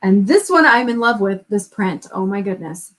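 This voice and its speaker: A woman co-hosting a live stream, chatting casually and gushing with excitement as she unboxes gifts, laughing often. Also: medium pitch, moderate pace, poor audio.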